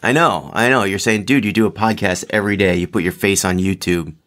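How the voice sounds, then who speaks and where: A man's voice: low-pitched, fairly quick, a bit bright. A man hosting his own podcast in casual solo chat, rambling with lots of ums and restarts, joking at his own expense. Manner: rambling, full of ums and restarts, self-deprecating. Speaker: podcast host.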